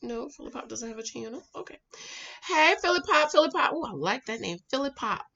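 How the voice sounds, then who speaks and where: Bright, sassy woman hosting a live stream. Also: fairly high pitch, very animated, a little fast, vocal fry, lo-fi sound. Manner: emphatic and sassy, talks back to viewers. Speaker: YouTube reaction host. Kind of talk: live reaction stream reading viewer comments.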